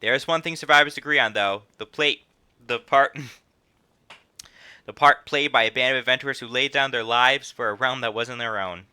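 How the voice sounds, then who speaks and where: A man's voice: mid-range voice, moderate pace, sharp tone, smooth. A man voicing a chatty female innkeeper who runs a guild, reading her lines in a drawl that drifts between put-on accents. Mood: folksy, storytelling.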